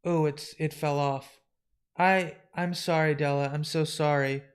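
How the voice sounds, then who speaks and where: A lonely, despairing shapeshifter woman, read aloud by a man in a live comic book reading. She talks haltingly, with stammers and restarts, sounding hopeless. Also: on the high side, steady tone, clear, resonant tone, natural voice. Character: sad lonely shapeshifting woman wanting death.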